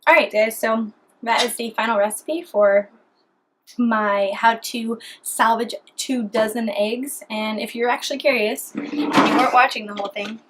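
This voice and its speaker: A woman's voice: on the high side, fairly even intonation, a little slow, fairly bright tone, a little hiss or hum, poor audio. A woman talking chattily and cheerfully through a home cooking vlog in her kitchen. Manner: chatty, upbeat, talks while eating. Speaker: cooking vlogger.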